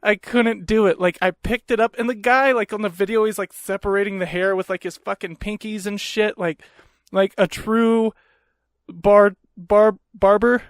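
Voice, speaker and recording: A young man with a fairly high voice tells stories on his podcast, swearing freely and poking fun at himself. He sits right up on the mic in a small room at home, and the sound is dry and close, with no room echo. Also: fairly quick, few pauses. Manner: profane, animated storytelling; self-mocking. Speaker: podcast host. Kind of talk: casual podcast chat.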